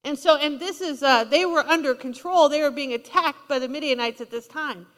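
A woman's voice: high-pitched, brisk, a bit bright. A woman preaching a sermon in a conversational, emphatic way, often asking the congregation questions. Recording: long hall reverb.

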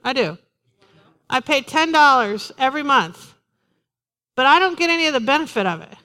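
A woman pastor preaching a sermon to her congregation in a lively, conversational way, joking with them as she goes. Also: sits high, normal speed. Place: church in front of a congregation.

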